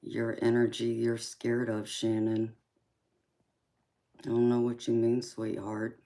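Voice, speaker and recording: A woman hosting a tarot livestream, chatting softly with viewers and calling them sweetheart and honey. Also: rumbling low, monotone, slow. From mixed Japanese, Polynesian, English, Irish and Scandinavian heritage. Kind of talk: casual livestream chat reading out viewer comments.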